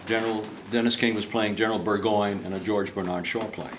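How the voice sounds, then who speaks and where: In a club room, an older portrait painter leads a group on a tour while spinning a lengthy, wandering, humorous story and performing the quoted voices himself. He speaks in a lowish, steady tone, a little fast, with background noise behind him.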